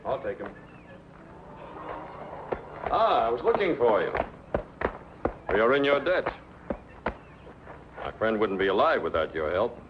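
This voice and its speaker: A polite, reserved Roman officer. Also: male voice, fairly low pitch, big pitch swings. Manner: polite, measured. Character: earnest young Roman officer, courteous and reserved. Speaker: Roman soldier. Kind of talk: 1960s film dub. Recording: dull old film sound with hiss.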